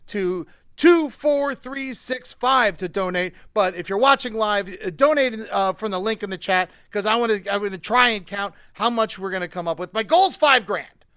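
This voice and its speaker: A man hosting a live-streamed comedy show, swearing freely and swinging between quiet asides and excited shouting. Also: high voice, clear, resonant tone, dry recording, clean studio sound. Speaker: show host.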